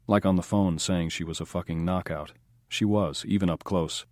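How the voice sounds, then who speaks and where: Male audiobook narrator, measured, very low voice, dry studio read. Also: fairly even intonation, darkish tone, no echo. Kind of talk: scripted narration.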